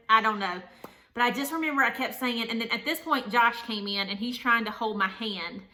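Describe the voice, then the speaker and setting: A young woman shares a candid personal story in an earnest, meandering way, leaning on "like" as she talks. Her voice sits a little high and sounds bright and forward. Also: normal speed. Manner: earnest, rambling, many "like" fillers. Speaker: vlogger, new mother.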